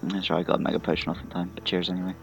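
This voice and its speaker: A man's voice: deep voice, little pitch movement, very fast, gravelly, soft background music, rough recording. Sleepy, sweary man laughing while gaming. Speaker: podcast co-host. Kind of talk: casual gaming chat.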